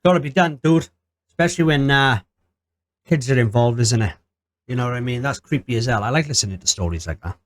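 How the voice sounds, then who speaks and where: A man's voice: medium pitch, fairly quick. Guy rambling on, reacting to a ghost story, lots of "i suppose". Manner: rambling, hesitant, repeats "I suppose". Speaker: reaction channel host. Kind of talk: casual reaction commentary.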